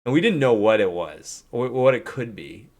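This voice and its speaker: A man's voice: mid-range voice, moderate pace. A man streamer telling stories about game clips in casual chat, laughing a lot as he talks. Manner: animated storytelling, laughs often.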